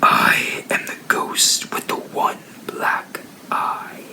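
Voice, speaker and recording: A man voicing a menacing ghost from a basement in a spooky story, in a slow, drawn-out whisper. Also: bright, forceful tone, full character voice. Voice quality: gravelly whisper. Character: menacing one-eyed basement ghost, creepy.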